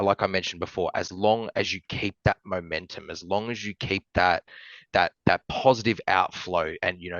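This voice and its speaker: A man's voice: deep voice, a bit bright, dry recording, dull audio. A man from Australia, a podcast guest in casual chat, rambling with many fillers and swearing, and getting emotional as he talks.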